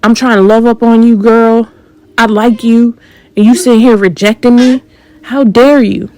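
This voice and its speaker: A woman's voice: on the high side, steady tone, normal speed, a little mellow, close to an everyday voice. A woman voicing a needy, hot-tempered caricature of a male god who talks in a demanding, whiny and threatening way.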